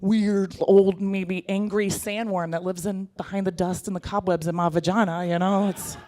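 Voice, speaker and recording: A woman in her thirties performing a stand-up comedy set, animated and jokey, jumping into put-on voices. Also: medium pitch, moderate pace, a little hiss or hum. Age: 30s. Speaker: stand-up comic.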